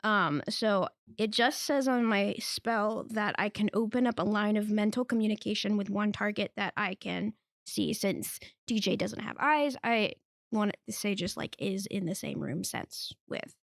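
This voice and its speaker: Female player; gravelly, deadpan delivery. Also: medium pitch, unhurried, no echo, clean studio sound. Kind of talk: casual tabletop play.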